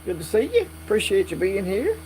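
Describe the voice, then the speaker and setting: A man hosting a casual live stream, chatting with viewers in a relaxed, drawling way. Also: sits high, brisk, low-quality recording. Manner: drawling, relaxed, reads and answers chat. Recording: faint mains hum.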